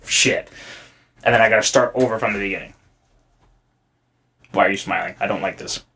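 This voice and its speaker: A young man from South Africa, now speaking with a Canadian accent, co-hosting a podcast in a rambling, animated way with plenty of swearing. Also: quick pace, gravelly, a little hiss or hum. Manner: rambling, animated, swearing, jumps high when worked up. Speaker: podcast co-host. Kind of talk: casual podcast chat.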